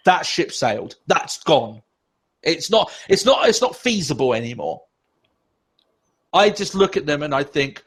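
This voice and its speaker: A man on a casual podcast, ranting and swearing with heavy sarcasm. His voice sits a touch high and swings widely in pitch as he gets worked up. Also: very animated, unhurried, fairly bright tone. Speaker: podcast co-host.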